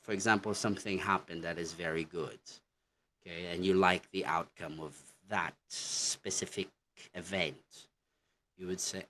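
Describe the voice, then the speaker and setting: A man teaching an English lesson from slides, explaining slowly and often pausing on "okay, so". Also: sits low, steady tone, sharp tone, a little hiss or hum. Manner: slow, halting explanations with many "okay, so".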